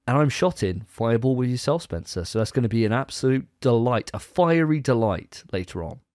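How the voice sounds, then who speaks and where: A man's voice: mid-range voice, expressive, brisk, darkish tone, dry recording, studio quality. A man co-hosting a gaming podcast, chatting casually and rambling with restarts. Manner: chatty, rambling, self-correcting. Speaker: podcast co-host. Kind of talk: casual chat.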